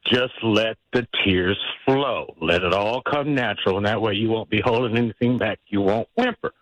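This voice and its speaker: A man's voice: fairly low pitch, moderate pace, fairly bright tone, no echo, dull audio. A man calling in to a radio show, giving folksy, confiding advice. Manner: folksy, confiding, acts out examples. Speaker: caller. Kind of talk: call-in advice.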